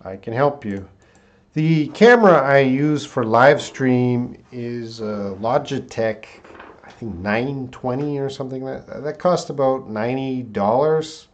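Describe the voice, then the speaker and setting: Male English teacher on a live stream, desktop mic, mid-pitched, relaxed and halting delivery. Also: muffled recording. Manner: casual, hesitant, reads viewer comments aloud. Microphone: desktop USB mic.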